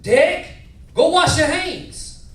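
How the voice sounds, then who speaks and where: A gruff old Southern grandfather scolds in a slow, hollering drawl. His voice is pushed high and loud. It is heard in a roomy club from a distance, with an audience behind it. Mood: scolding. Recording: roomy club from far, crowd.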